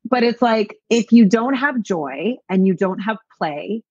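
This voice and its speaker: Husky lowish woman from canada, keen self-help talk, kinda muffled dry sound. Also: expressive, unhurried, a little mellow, dry recording. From Greater Toronto Area, Canada. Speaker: podcast guest, entrepreneur. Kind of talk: casual conversational interview.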